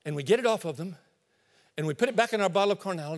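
A man preaching a sermon as pastor, telling an animated illustration and acting out the asides. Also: sits high, very fast, in a large hall. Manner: animated storytelling with acted-out asides. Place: church sanctuary.

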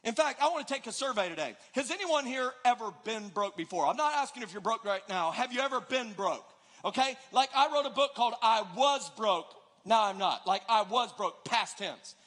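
Energetic male preacher, bright and forceful, playful sermon to a live congregation. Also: extremely high pitch, normal speed. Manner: energetic, joking, questions the audience. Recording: long hall reverb.

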